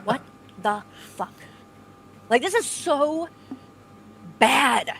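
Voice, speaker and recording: A woman's voice: high-pitched, lively intonation, drawn-out words, creaky, fairly bright tone. A woman co-hosting a livestream, recounting events in indignant, emphatic casual chat. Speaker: livestream co-host.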